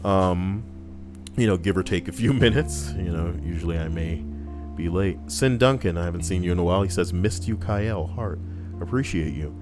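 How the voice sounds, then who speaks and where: Young guy streamer, low voice, rambly and crude, reading chat, quiet music behind. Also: a little fast. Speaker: live streamer. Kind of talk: casual chat reading viewer messages.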